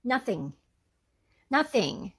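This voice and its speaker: A woman's voice: a little high, very animated, very slow, husky. A woman hosting her channel, giving casual, indignant commentary. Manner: indignant, scolding. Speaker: channel host.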